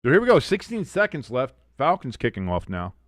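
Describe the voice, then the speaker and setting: A man's voice: mid-range voice, huge pitch swings, brisk, no echo, clean studio sound. Chatty, sarcastic man hosting a game stream. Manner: chatty and sarcastic, with mocking asides. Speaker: sports watch-along host. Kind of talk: casual live sports commentary.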